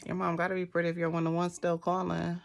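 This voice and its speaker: A woman's voice: fairly low pitch, monotone, fast talker, creaky. A woman in her thirties chatting casually while doing her makeup, telling stories animatedly and laughing often. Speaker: beauty vlogger. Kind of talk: casual storytelling chat.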